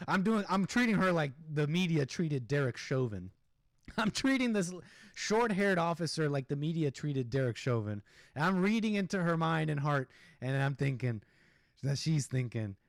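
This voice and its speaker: A man's voice: on the high side, big pitch swings, moderate pace, gravelly, no room sound, clean studio sound. A man hosting a stream, ranting sarcastically and indignantly over a video clip and laughing at his own jokes. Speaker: streamer host.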